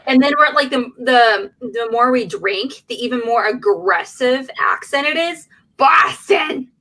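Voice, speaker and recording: A woman co-hosting a casual podcast, chatty and quick to laugh, with some easy swearing. Her voice is bright and forceful and sits a little high. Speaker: podcast co-host.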